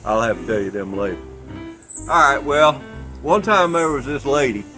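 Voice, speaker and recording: A man's voice: mid-range voice, lively intonation, moderate pace. A man telling corny jokes in a folksy storytelling way. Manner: folksy storyteller, acts out voices. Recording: guitar music playing behind.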